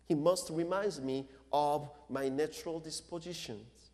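Slow-preaching pastor, high voice. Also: male voice, a little mellow. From Korea. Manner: slow, deliberate preaching with non-native English phrasing. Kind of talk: sermon. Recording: long reverb of a large hall.

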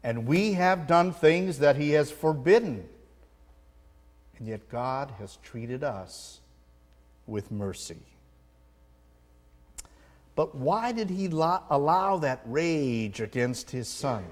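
A man's voice: a little high, very animated, takes it slowly, pauses often, long reverb tail. A man preaching a sermon with earnest emphasis, telling a story to make his point. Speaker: pastor.

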